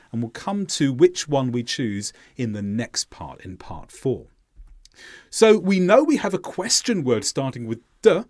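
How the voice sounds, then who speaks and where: A man teaching a language lesson, speaking clearly and deliberately as he demonstrates pronunciation. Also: a little high, dry recording, studio quality. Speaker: English teacher. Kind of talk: scripted lesson narration.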